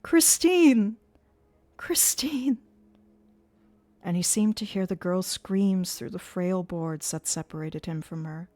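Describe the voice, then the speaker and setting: A woman reading a classic novel aloud on a live stream, expressive and slipping into character voices. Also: fairly low pitch, moderate pace, hardly any pauses. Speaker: audiobook reader on a live stream. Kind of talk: live audiobook narration.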